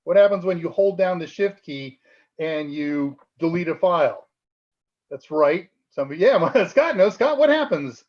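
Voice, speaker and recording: Guy with a higher voice explaining tech exam stuff on a live stream, chatty, laughs a lot, dull lo-fi audio. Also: animated, normal speed.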